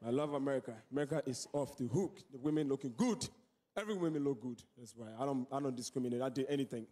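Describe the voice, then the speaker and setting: A man performing a loud, profane stand-up comedy set on a club stage. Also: mid-range voice, fast. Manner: loud, profane, shouting punchlines.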